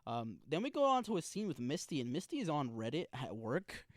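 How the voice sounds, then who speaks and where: A man's voice: on the high side, huge pitch swings, fairly quick, no room sound, studio quality. A young man hosting a podcast, casually recapping a TV episode in slangy, profane, rambling talk full of restarts. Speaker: podcast host reviewing a TV episode.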